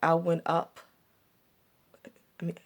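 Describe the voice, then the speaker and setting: Low-voiced woman telling a life story. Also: completely flat delivery, slow pace. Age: adult looking back on her younger years. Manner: reflective, repeats herself with stumbling restarts. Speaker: vlogger. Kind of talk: personal storytelling vlog.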